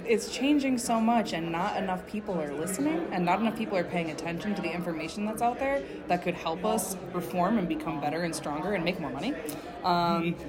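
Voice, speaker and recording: A woman's voice: on the low side, animated, a little fast. A woman in her thirties, a guest researcher, answering interview questions in an upbeat way and laughing easily. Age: 30s. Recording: crowd chatter behind.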